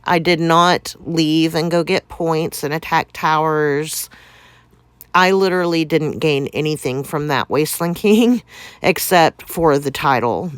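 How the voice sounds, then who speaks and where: A woman recounts a story at an unhurried pace, full of fillers, laughter and casual swearing. Her voice is smooth and clean, recorded dry and close. She sounds a little out of breath. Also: sits low, no echo. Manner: rambling, many fillers, laughs often, candid swearing. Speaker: game community member recounting events.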